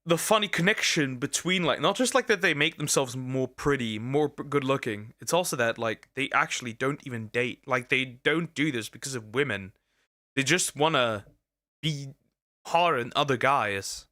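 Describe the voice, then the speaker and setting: A man's voice: mid-range voice, expressive, moderate pace, pushed and bright, no room sound, studio quality. A young man streaming a reaction to a video, rambling and joking in slang with many restarts. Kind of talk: casual reaction commentary.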